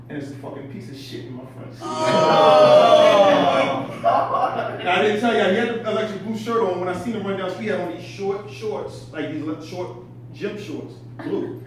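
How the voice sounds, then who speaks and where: A man's voice: high-pitched, sing-song, measured pace. A man telling a story in a stand-up comedy set, laughing at his own tale and swearing freely. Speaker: stand-up comic. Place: comedy club stage. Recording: echoey room, distant mic, background noise.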